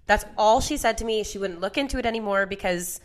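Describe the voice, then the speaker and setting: A woman co-hosting a podcast, listening supportively and calmly retelling her own story in casual chat. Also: medium pitch, fast. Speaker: podcast co-host.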